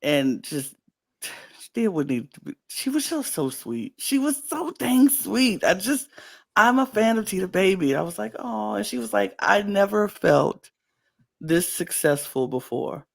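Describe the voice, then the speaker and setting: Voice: medium pitch, sing-song, moderate pace, vocal fry. A podcast co-host chatting casually and animatedly, often laughing and acting out quotes. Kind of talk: casual chat.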